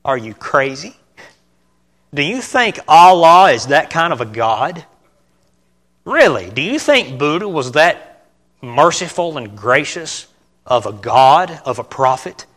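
Middle-aged male lay preacher, informal church sermon, earnest and stumbling with loud outbursts, bright edge. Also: fairly high pitch, big pitch swings. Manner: earnest, halting, self-correcting, with sudden loud bursts.

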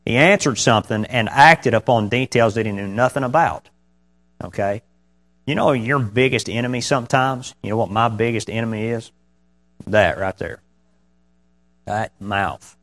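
A man's voice: on the low side, moderate pace, pauses often, fairly bright tone. Man preaching a conversational sermon. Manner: conversational preaching with rhetorical questions; reads scripture in King James wording. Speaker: pastor.

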